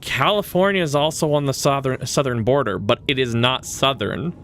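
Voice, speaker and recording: A man's voice: medium pitch, moderate pace, a bit bright, a little hiss or hum. A man from Western Canada chatting casually while streaming a game. He rambles, restarts his sentences and chuckles often. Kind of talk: casual gaming stream chat.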